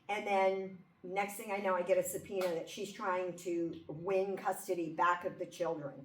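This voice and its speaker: A woman at mid pitch gives a lecture, chatting her way through the material and checking in with her listeners along the way. The mic sits well away from her, so her voice comes across distant in an echoey room. A faint hum runs underneath. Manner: conversational, checks in with listeners by asking 'okay?' and 'right?'. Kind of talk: classroom lecture.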